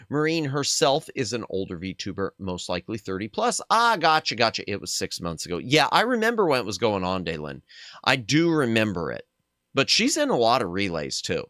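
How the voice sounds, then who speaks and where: A male VTuber with a sore throat streams a retro game, chatting casually and animatedly with his chat and reading dialogue aloud. His voice is fairly low and brisk, recorded dry with clean studio sound.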